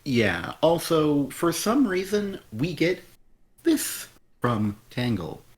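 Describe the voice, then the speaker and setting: This man co-hosts a live stream reviewing comics, and his slightly high voice moves through wide pitch swings at a slow pace. He rants bluntly and with open exasperation, swearing freely in a casual, critical chat.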